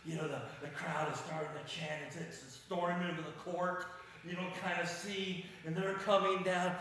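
A male preacher giving a sermon, telling the scene in an animated way and acting out its people. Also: fairly high pitch, normal speed. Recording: echoey room.

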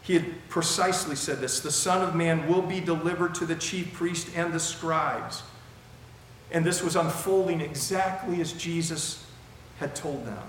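In a very echoey large church hall with faint background noise, a male pastor delivers a verse-by-verse sermon in a chatty, conversational style full of rhetorical questions. His voice is on the high side, and he takes his time.

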